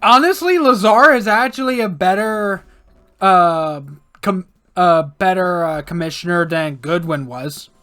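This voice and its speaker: Halting man co-hosting a let's play. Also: high voice, pushed and bright, clear, resonant tone. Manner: halting, many fillers. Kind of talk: casual gaming chat.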